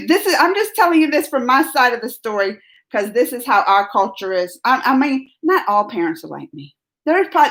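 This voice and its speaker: A middle-aged woman with a high voice tells a story on a live stream. She is emphatic and rambling, and she keeps getting fired up as she rants. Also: a bit bright.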